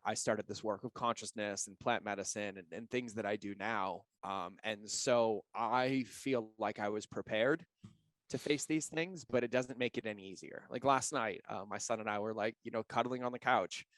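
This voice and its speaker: A man with a fairly low voice talks candidly as a podcast guest, earnest and open about his own life. The sound is dry and close, with no room around him. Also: moderate pace, fairly bright tone, dry recording. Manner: earnest and open, sharing personal stories with feeling. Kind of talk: candid interview talk.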